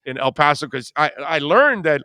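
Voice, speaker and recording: A man's voice: a little high, moderate pace, clean tone, dry recording, clean studio sound. Rambling storytelling male radio host. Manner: rambling, animated storyteller with many restarts. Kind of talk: casual storytelling chat.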